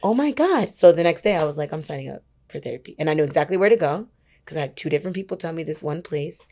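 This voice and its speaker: Her voice sits low and she speaks quickly: a twenty-something worship leader guesting on a podcast. In relaxed conversation she shares a personal story, acting out the quoted dialogue and using plenty of "like" and "whatever".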